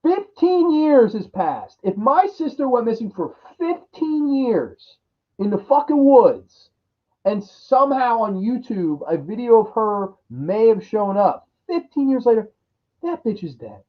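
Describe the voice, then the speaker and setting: A man's voice: extremely high pitch, big pitch swings, unhurried. Profane, exasperated male film reviewer. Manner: crude, exasperated, mocking impressions of characters. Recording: dull lo-fi audio.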